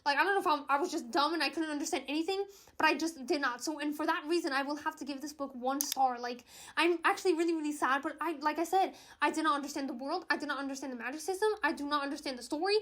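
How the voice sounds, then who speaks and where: A chatty woman from Portugal talks through her recent reads in a casual vlog. Her voice is high and her pace is quick, and she stresses her points by saying them twice. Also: a bit bright. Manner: chatty, emphatic, repeats herself. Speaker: book reviewer. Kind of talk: casual book review vlog.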